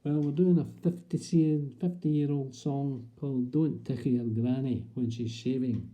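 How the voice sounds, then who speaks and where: A man's voice: mid-range voice, fairly even intonation, a little slow, highs cut off, close to an everyday voice. A man in a comic monologue, playing a chatty, prim older Scottish woman with a Scottish accent. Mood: gossipy. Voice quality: gossipy, prim storyteller. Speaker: comic performer.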